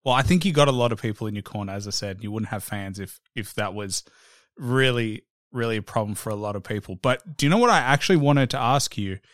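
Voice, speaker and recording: A man hosting a casual interview, relaxed and agreeable, often saying "like" and "you know". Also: fairly low pitch, fast, dry recording, clean studio sound. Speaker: podcast host.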